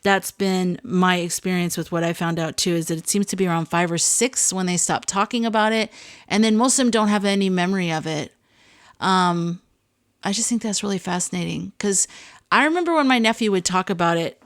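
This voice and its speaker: A woman's voice: lowish voice, fairly quick, clean tone, no room sound. A woman hosting a podcast, chatting casually and reading listener stories aloud, with many asides and fillers. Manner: conversational, lots of fillers and asides. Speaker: podcast host.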